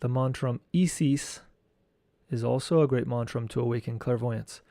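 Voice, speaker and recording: A man teaching esoteric studies, reading a lecture text aloud in a slow, measured way and chanting mantra syllables. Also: mid-range voice, creaky, warm tone, no room sound.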